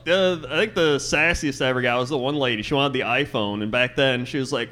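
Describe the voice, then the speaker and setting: Bright-voiced man telling stories live. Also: mid-range voice, fairly quick, hardly any pauses. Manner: rambling, laughing anecdotes with quoted voices. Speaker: podcast co-host. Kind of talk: live podcast storytelling. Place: live venue stage.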